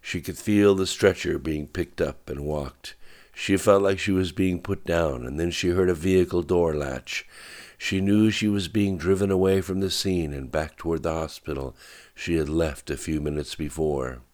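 A man narrating an audiobook in a measured, even storytelling manner. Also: low-pitched.

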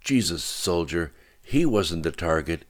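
A man voicing a commanding male officer who shouts orders. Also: sits low, lively intonation, measured pace.

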